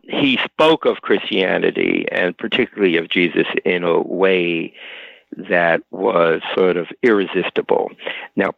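A man, an author being interviewed, speaking reflectively in a halting way full of restarts and repeated words. The audio is dull and lo-fi, like an old radio broadcast. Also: low-pitched, vocal fry, no echo.

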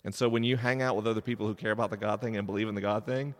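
Animated man joking in a reverberant hall. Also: on the low side, fast. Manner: animated, joking, addressing the crowd. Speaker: podcast host giving a live talk. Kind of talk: live talk to an audience. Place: large stone church, live event. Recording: live hall with long reverb.

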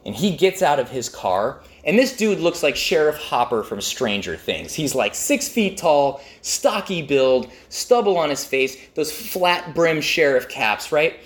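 A man telling a comic personal story in an animated, self-mocking way. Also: unhurried, hardly any pauses. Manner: animated, self-mocking, with jumpy pitch swings for emphasis.

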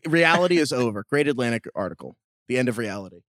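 A man co-hosting a podcast in casual chat, riffing through quick jokey tangents. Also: mid-range voice, animated, a bit bright, no echo, clean studio sound. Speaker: podcast co-host.

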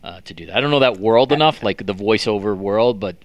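A man's voice: on the low side, expressive, quick pace, no room sound, dull audio. A man hosting a podcast in casual chat, joking and self-deprecating with frequent restarts. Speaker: podcast host.

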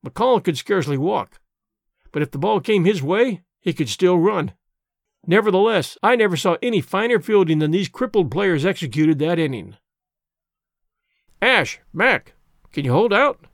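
A man narrating an audiobook in the first person reads at normal speed, animated and expressive, his pitch sitting high and swinging broadly. It's captured close and dry, without any room sound.

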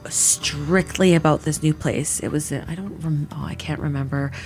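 A woman's voice: low-pitched, fairly even intonation, normal speed, darkish tone, soft background music. A woman giving an emotional personal testimony in a casual, filler-heavy way, acting out what people said. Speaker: interviewee recounting her assault.

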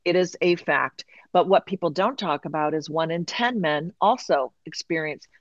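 A woman guest telling a candid personal story in conversation, animated and acting out quoted voices. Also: sits low, moderate pace, dry recording, dull audio.

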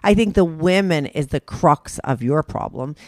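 A woman's voice: low voice, lively intonation, measured pace, dry recording, clean studio sound. A woman hosting a talk show, chatting casually and earnestly giving advice. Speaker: host. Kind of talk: casual chat.

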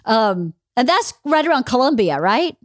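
Talk show host, middle-aged woman, conversational, a bit high-pitched, dry sound. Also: very animated, normal speed, dry recording. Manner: chatty, reacts often. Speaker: podcast host. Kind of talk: casual chat.

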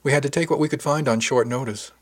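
A man's voice: medium pitch, quick pace, voice pushed up, lightly acted. A man voicing a wry, easygoing woman who leads a ship's section, speaking with dry humor.

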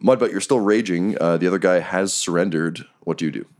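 A man with a very low voice runs a tabletop game as game master. He narrates in a loose, relaxed way with many fillers and chuckles. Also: fairly quick. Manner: relaxed, laughing, filler-heavy.

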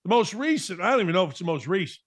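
A man's voice: sits high, big pitch swings, rapid-fire. A middle-aged man hosting a sports talk show, delivering a blunt, emphatic monologue with a mocking edge.

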